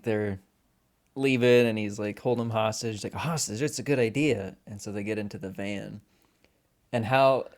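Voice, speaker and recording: A man's voice: fairly low pitch, gravelly. A man co-hosting a film podcast, chatting casually and animatedly, acting out quoted lines and swearing often. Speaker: podcast co-host.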